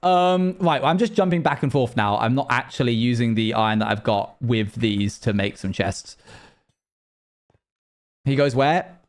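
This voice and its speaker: A man's voice: mid-range voice, a little slow. A man live-streaming a game, chatting loosely to his viewers and rambling from one thought to the next. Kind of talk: casual live-stream chat while gaming.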